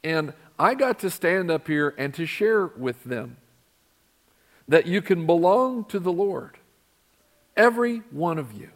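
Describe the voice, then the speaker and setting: A man's voice: fairly high pitch, expressive, unhurried. A middle-aged man preaches in a church with a slightly raised voice. He keeps it conversational and keeps turning to the congregation with questions. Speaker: pastor. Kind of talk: sermon. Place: church sanctuary.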